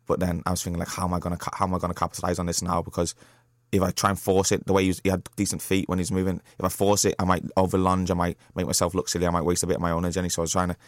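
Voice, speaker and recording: A young man, a professional boxer speaking candidly as a guest in a radio studio, halting with many fillers and restarts. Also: low-pitched, completely flat delivery, dry recording. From Liverpool, England. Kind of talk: candid interview talk.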